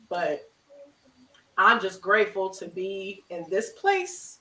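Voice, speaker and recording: Therapist host: bright, forceful voice, emotional and encouraging, on a video call with a distant mic in a roomy space. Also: medium pitch, expressive, takes it slowly. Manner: effusive, emotional, faith-filled encouragement. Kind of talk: warm encouraging closing remarks on a live web show.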